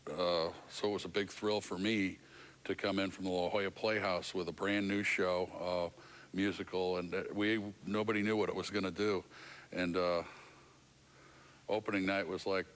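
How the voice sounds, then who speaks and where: Deep-voiced man, hesitant and halting. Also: a bit bright, smooth. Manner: hesitant, many filler pauses. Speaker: stage actor. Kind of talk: interview reminiscence.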